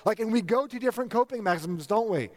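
A man's voice: high-pitched, animated, fast talker, a little mellow. A male pastor preaching a sermon, building emphasis through repeated lists. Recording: long hall reverb.

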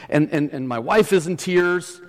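A man's voice: a little high, moderate pace. A middle-aged male pastor preaching a sermon, telling a story with restarts and building to emphatic points. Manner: storytelling, often restarts, rises to emphatic peaks. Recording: long hall reverb.

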